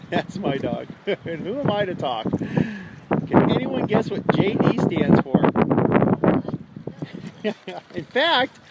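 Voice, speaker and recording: A man's voice: high-pitched, big pitch swings, slow pace, pauses often. A man running a dog daycare, chatting casually to the camera outdoors while he watches the dogs, talking to them and laughing often. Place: outdoor dog play yard. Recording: loud outdoor background noise. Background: barking dogs, wind and passing traffic.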